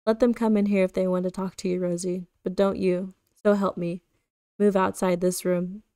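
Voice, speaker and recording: Female reader giving a sentimental old gangster, gravelly, flat delivery. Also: medium pitch, moderate pace, dry recording, studio quality, lightly acted. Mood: gloomy. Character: gloomy older male gangster, sentimental.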